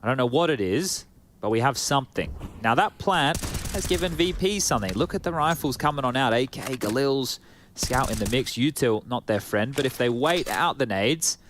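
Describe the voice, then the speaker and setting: Australian male play-by-play caster, mid-pitched, punchy excitable calls. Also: normal speed, slight background noise. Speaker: esports commentator. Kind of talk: live play-by-play commentary.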